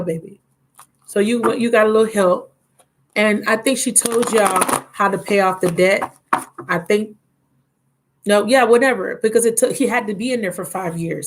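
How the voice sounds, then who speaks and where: A woman's voice: medium pitch, background noise. Chatty woman giving a tarot reading. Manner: chatty, affectionate, reads card texts aloud. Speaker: tarot reader. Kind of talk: live tarot reading and chat.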